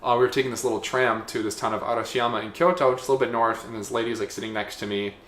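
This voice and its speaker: A man's voice: medium pitch, fairly even intonation, racing, fairly bright tone. A man co-hosting a travel podcast in a casual, rambling way, full of "like" fillers. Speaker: podcast co-host. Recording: echoey room, faint ambience.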